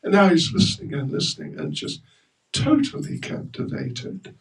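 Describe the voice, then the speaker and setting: A man's voice: sits high, wildly swooping pitch, normal speed, gravelly. A man giving a storytelling religious class in a temple hall, joking with the audience. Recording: roomy hall, mic far off.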